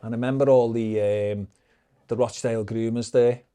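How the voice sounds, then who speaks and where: A podcast guest with a Liverpool accent tells stories casually, swearing heavily and acting out the exchanges he quotes. His voice is medium-pitched and warm, fairly quick, with a flat delivery.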